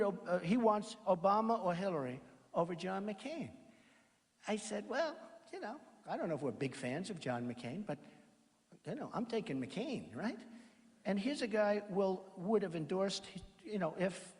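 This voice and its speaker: Speaking in the echoey reverb of a large college hall, a man running for office rallies a crowd. His pitch sits a bit high and swings in animated bursts, and his speech rambles, brags and circles back over the same points.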